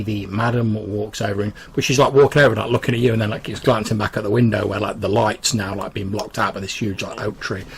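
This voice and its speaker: A man narrating a tabletop game as game master, rambling with many fillers. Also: on the low side.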